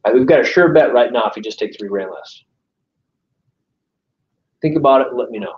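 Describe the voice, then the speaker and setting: A man's voice: mid-range voice, animated, brisk. A man giving a casual training talk to a live audience, chatty, often checking in with "right?" and acting out client calls. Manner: conversational, keeps asking "right?"; acts out client phone calls. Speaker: sales trainer. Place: meeting room with a live audience. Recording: echoey, distant, dull room recording.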